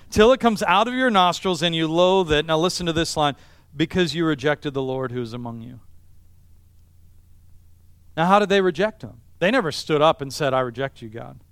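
A man's voice: on the high side, normal speed, a bit bright, smooth, no room sound. A middle-aged male pastor preaching a sermon in an emphatic style, stacking repeated phrases for effect. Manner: emphatic, repetitive preaching cadence.

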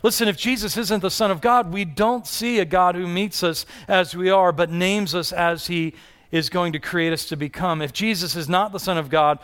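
A man's voice: high voice, fairly even intonation, moderate pace, a bit bright, smooth. A man preaching a sermon in an earnest style, with rising and falling delivery and repeated questions to the congregation. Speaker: pastor.

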